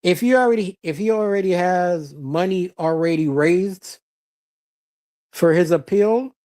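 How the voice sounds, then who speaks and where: Blunt, chatty streamer with a mellow voice. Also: medium pitch, a little slow. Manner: loose, chatty, laughs often, blunt and profane. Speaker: live-stream host. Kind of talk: casual live-stream commentary, reading chat. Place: lives in Florida.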